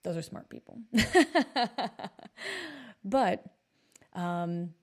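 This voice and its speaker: Thirties woman coach hosting a podcast; low-pitched, animated and blunt, swears for emphasis. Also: moderate pace. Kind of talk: podcast monologue with storytelling.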